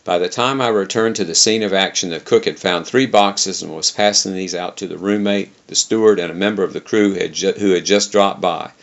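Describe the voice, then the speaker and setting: A man reads a travel memoir aloud in a dry, wry way. His very low voice has a gravelly rasp. The recording is dull and lo-fi, like an old tape. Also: fairly even intonation, fairly quick, few pauses. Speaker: reader.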